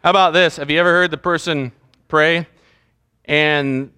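A man's voice: on the high side, steady tone, moderate pace, sharp tone, clear, resonant tone. A man preaching a sermon as pastor, joking and mimicking how people pray.

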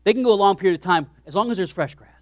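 A man preaching a sermon as pastor, animated, swinging from hushed asides to shouted lines. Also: high voice, racing, no echo.

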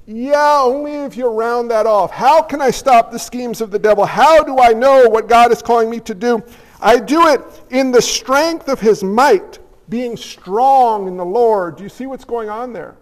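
A man with a high voice preaches in a relaxed, conversational way, slipping in jokey asides and acting out little exchanges. His words ring out with the long echo of a church hall. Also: normal speed. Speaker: pastor. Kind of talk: casual sermon.

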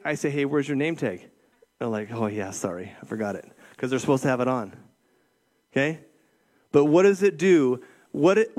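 A middle-aged man giving a conversational sermon as a youth ministry director, often checking in with his listeners. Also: fairly high pitch. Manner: conversational, keeps checking in with "right?". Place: church room with an audience.

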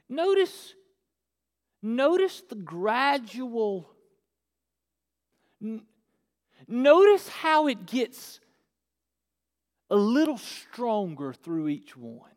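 Speaking in an extremely high voice, extremely slowly and with long pauses, a pastor delivers an animated sermon, voicing characters from his story and asking rhetorical questions. The footage was shot on camera in a hall with long reverb.

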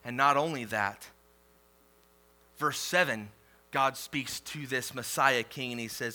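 A male pastor preaching a sermon, reading scripture slowly and swelling loud on key declarations before dropping quiet. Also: medium pitch. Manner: reads scripture slowly and deliberately.

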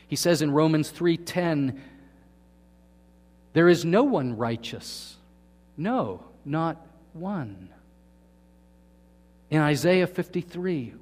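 Male pastor, sermon, slightly high voice, long hall reverb, quiet-to-loud delivery. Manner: asks the congregation questions, swings between soft and loud. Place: church hall.

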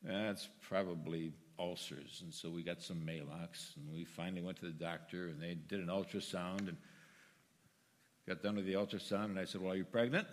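Older man, very low voice, earnest church testimony; goes quiet, then loud and emphatic; long hall echo. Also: fairly even intonation, moderate pace. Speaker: church member speaking to his congregation. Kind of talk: personal testimony. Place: church sanctuary.

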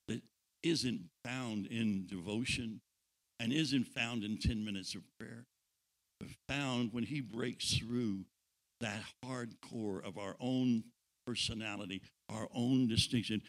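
A man preaching a sermon, dropping to hushed intimate tones and building up again, asking the congregation questions and joking with them. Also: fairly low pitch, creaky. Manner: dynamic pacing, drops to hushed intimate tones then builds.

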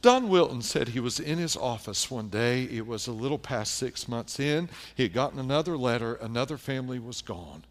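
A middle-aged man from South Carolina, a pastor telling stories in a sermon with wry asides, dropping quiet for emphasis. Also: medium pitch, lively intonation, moderate pace, hardly any pauses. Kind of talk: sermon storytelling.

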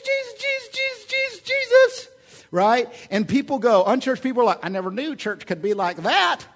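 A man with a Southern accent preaching to his congregation in a high, bright-toned voice. He jokes freely and grows loud and animated as he acts out other people. This is a full, lively sermon. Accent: Southern American. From American South. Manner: animated, joking, swings loud for mock voices. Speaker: pastor. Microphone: website recording of a church service.

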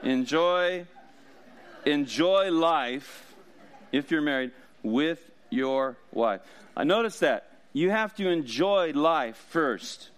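Joking casual pastor, smooth voice. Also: male voice, on the high side, lively intonation, slow. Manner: casual, joking, laughs often. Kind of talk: sermon.

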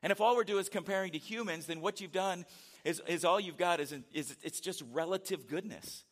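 A man's voice: high-pitched, brisk. A man preaching a sermon in a conversational way, asking the congregation rhetorical questions and reading scripture aloud with dramatic inflection. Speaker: pastor.

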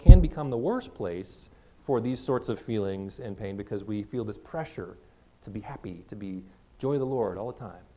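Mellow-voiced man preaching earnestly. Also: mid-range voice. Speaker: pastor. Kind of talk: sermon.

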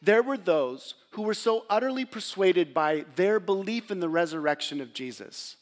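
A man preaching to a congregation in a church sanctuary, his voice sitting a little high for a man. He moves from loud, fervent exhortation down to near-hushed passages, pressing his points with earnest passion. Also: expressive, normal speed, few pauses. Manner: impassioned, swings from loud exhortation to hushed quiet. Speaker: pastor. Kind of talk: sermon.

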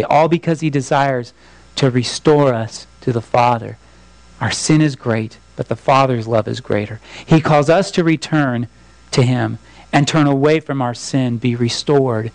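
A man's voice: medium pitch, darkish tone, dry recording, low-quality recording. A male pastor preaching a sermon, earnest and pleading, with repeated appeals.

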